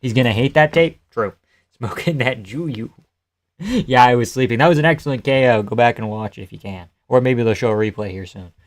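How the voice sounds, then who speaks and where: A man's voice: medium pitch, fairly quick. A young man hosting a live fight reaction stream, reading chat aloud, swearing and laughing often as he jokes. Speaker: livestream host.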